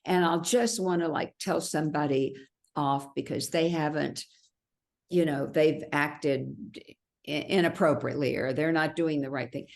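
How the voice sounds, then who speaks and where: A woman's voice: deep voice, fairly even intonation, unhurried, gravelly. A woman being interviewed about her memoir, speaking earnestly and reflectively, often stopping and restarting her sentences. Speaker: interview guest, memoir author. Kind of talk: conversational interview.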